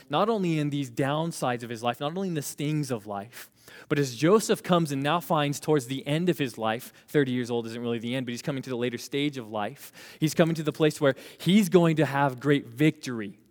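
A man preaching a sermon, leading the congregation in call-and-response and slowing down to stress key phrases. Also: on the high side. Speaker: pastor. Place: church sanctuary. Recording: reverberant hall.

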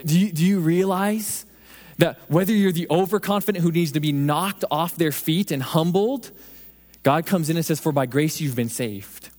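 A man preaching a sermon in an earnest voice, slowing and softening for emphasis. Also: high voice. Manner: earnest, building then dropping to slow soft emphasis. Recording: long reverb of a hall.

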